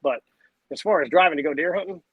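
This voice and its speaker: A man, a podcast guest telling stories in a casual, animated way. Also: fairly high pitch, fast, husky, no room sound, phone-quality sound. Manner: animated, acts out voices and sounds. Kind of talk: casual storytelling chat.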